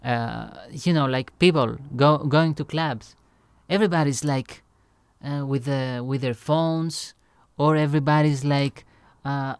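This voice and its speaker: A man's voice: medium pitch, fairly even intonation, a little slow, clear, resonant tone, no room sound. A young man telling a rambling, casual story as he reacts to his own song, loose and full of fillers and swearing.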